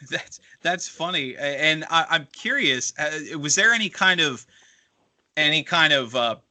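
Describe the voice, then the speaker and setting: A man's voice: on the high side, animated, a little slow, bright, forceful tone. A man co-hosting a podcast interview, asking long, searching questions with frequent restarts.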